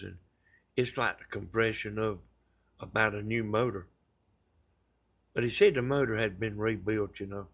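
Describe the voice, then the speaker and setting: A man's voice: on the low side, moderate pace, creaky, pauses often, a bit bright. A man with a Southern US accent, rambling through a casual story to his viewers in a folksy, colloquial way. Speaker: vlogger.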